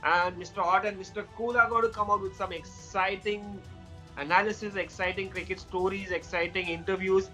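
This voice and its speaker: A man with an Indian accent co-hosting a casual cricket chat, excitable and laughing, slipping into Hindi. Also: sits high, moderate pace, faint music behind, poor audio. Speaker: co-host.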